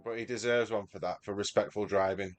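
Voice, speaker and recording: A man's voice: on the low side, fairly even intonation, fairly quick, soft background music. A man with a Mancunian accent, commentating his live sim-racing stream and chatting with viewers by name. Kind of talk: live gameplay commentary and chat.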